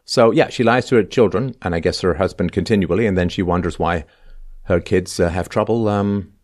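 A man's voice: low voice, a little fast, darkish tone. A man hosting a talk show, reading a text aloud and tearing into it in a sarcastic, lecturing way, often tossing in "right?". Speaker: podcast host.

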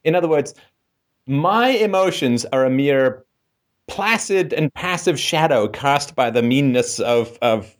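A man hosting a call-in show who talks in long, probing runs and often ends his points with "right?". His pitch sits in the middle range for a man, and his delivery stays lively and animated. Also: unhurried. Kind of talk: call-in advice talk.

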